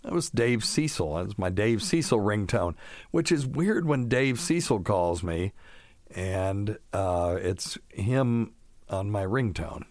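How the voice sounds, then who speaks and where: A man's voice: fairly low pitch, animated, takes it slowly, a little mellow. A middle-aged man hosting a call-in radio show, talking casually and bluntly, with offhand scoffing asides. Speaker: radio show host answering caller questions.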